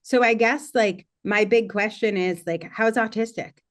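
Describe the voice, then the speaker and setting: An American woman talks casually in a panel discussion. She's chatty and animated, and her speech is full of "like" and quick asides. Her voice sits at an ordinary middle pitch. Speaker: guest speaker.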